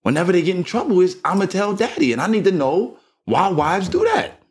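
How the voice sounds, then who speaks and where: A man's voice: high-pitched, a little fast, slightly rough. A man co-hosting a podcast, musing in a casual chat and often tagging thoughts with "right?". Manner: relaxed, musing, with frequent "like" and "right?" tags. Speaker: podcast co-host, father.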